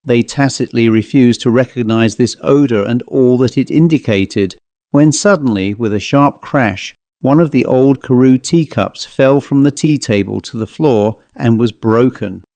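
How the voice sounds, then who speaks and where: A man narrating a ghost story as an audiobook reader, in a measured, even way. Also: medium pitch, dry recording. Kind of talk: scripted narration.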